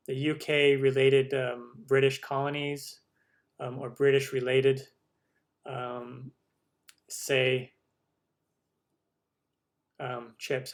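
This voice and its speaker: A man from the United States hosting a cooking channel live stream, chatting upbeat through viewer questions with lots of ums. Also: mid-range voice.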